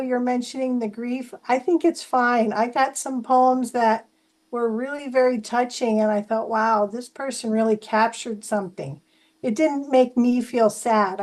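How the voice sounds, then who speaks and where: A woman's voice: fairly high pitch, darkish tone, poor audio. A woman from New Jersey chatting enthusiastically as a participant on a video call. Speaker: workshop participant. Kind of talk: casual video call chat.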